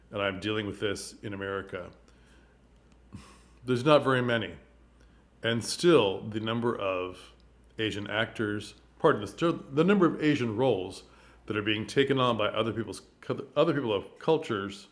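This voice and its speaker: A man with a medium-pitched voice offers casual spoken commentary on theater. He's animated, tosses out plenty of rhetorical questions, and occasionally trips over his words.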